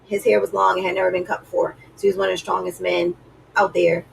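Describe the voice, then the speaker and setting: A woman's voice: fairly low pitch, level tone, fast, gravelly, far from the mic, a little hiss or hum, poor audio. A woman vlogger giving earnest, preachy relationship advice in a casual way, with lots of "like".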